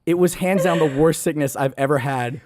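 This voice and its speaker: A man's voice: a little high, brisk, heavy background noise. A young man on a podcast, telling a long, rambling, self-deprecating story in a casual way, often mimicking other people. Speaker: podcast guest.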